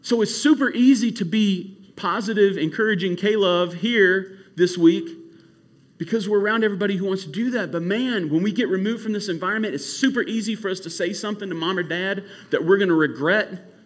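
A man preaching to a youth camp in an animated, casual storytelling way. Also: high voice, fairly quick. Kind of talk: youth sermon.

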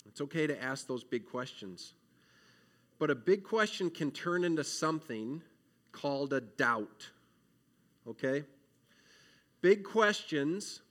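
A man giving an earnest, emotional children's sermon, acting out prayers and shifting between loud pleading and quiet reflection. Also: mid-range voice. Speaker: children's minister.

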